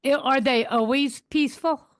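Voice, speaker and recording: A woman's voice: high voice, normal speed. A woman hosting an interview podcast, responding often with short affirmations. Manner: responsive, frequent affirmations and laughs. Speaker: podcast host. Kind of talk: interview conversation.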